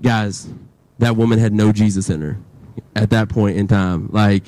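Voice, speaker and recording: A man's voice: on the low side, fairly even intonation, moderate pace, mellow, no room sound. A young man preaching to teenagers in a casual, chatty storytelling way, full of "like" fillers and acted-out quotes. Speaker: youth pastor.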